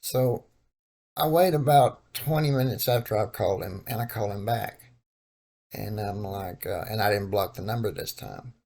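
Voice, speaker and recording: Gravelly low-voiced Texan man. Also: moderate pace, darkish tone. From Texas. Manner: laid-back, meandering, with many fillers. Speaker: vlogger. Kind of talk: casual storytelling.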